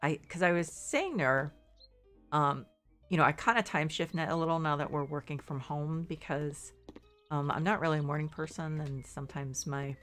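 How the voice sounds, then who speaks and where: A woman's voice: low-pitched, moderate pace, a bit bright, faint music behind. A congested middle-aged woman chatting casually while streaming a game, rambling and second-guessing herself. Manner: rambling, self-doubting, restarts often. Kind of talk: casual gameplay commentary.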